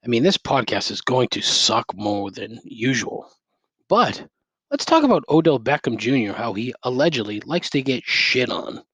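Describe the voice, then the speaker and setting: An over-caffeinated man in middle age vents through a solo podcast episode, sarcastic and swearing nonstop. His mid-pitched voice comes through a headset mic, close and dry. He sounds wired and worked up as he complains. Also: big pitch swings, normal speed, a bit bright, husky, dry recording. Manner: ranting, sarcastic, heavy swearing. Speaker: podcast host. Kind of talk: profane solo rant. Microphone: gaming headset.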